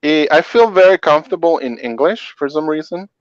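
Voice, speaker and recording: A native Spanish-speaking man who works as a call center interpreter talks through his answers in a casual interview, chatty and full of fillers, explaining with examples. His voice is a little high, expressive and fairly quick, and the audio sounds dull, dry and muffled.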